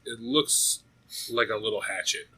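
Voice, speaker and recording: Podcast co-host, young adult man, husky and bright, swears constantly, rambles and tells stories with heat. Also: fairly low pitch, measured pace, low-quality recording. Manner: profane, rambling and animated. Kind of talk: casual storytelling chat.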